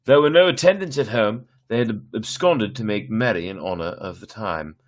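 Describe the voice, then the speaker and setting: A man reading a classic story aloud on a live stream, unhurried, with small slips and self-corrections. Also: fairly low pitch. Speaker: story reader.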